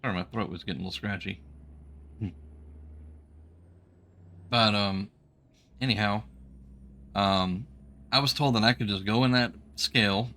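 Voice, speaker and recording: A man's voice: on the low side, unhurried, long pauses, pushed and bright. A man who used to drive trucks, streaming a trucking game and telling a long story in a folksy, rambling way full of ums and restarts. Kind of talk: casual storytelling while gaming.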